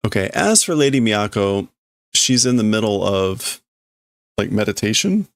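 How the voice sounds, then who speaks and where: Live on stream, a man works through translating a manga out loud, thinking aloud and faltering over words. His voice is on the low side but swings widely in pitch, delivered at a moderate pace in a dry, clean studio sound.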